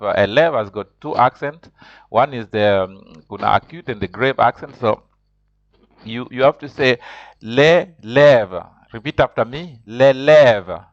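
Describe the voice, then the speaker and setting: A man teaching a beginner language lesson, hesitant with many fillers and restarts, repeating words slowly and carefully. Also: mid-range voice, dry recording, dull audio. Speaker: French teacher.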